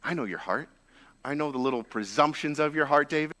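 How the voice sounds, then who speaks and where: A scornful older brother murmurs low and sneering, belittling his little brother as a preacher puts him on. The voice is quiet and needling, with a hard, bright edge even as it drops. It sounds like spoken storytelling from a pulpit. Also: a little fast. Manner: low, hushed, needling taunt.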